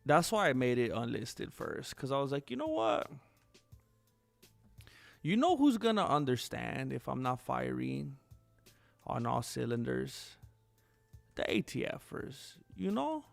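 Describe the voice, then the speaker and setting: A man's voice: mid-range voice, big pitch swings, a little slow, gravelly, no echo, faint music behind. A man hosting a livestream in casual chat, rambling and self-deprecating with loose slang, feeling sluggish today. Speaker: livestream host. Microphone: wearing headphones, no monitor.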